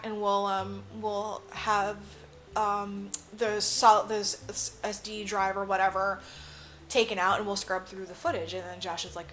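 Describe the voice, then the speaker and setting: Bright-voiced woman recapping a movie. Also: medium pitch, measured pace, soft background music. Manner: animated, swears freely, acts out characters' lines. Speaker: podcast co-host. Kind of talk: casual movie recap chat.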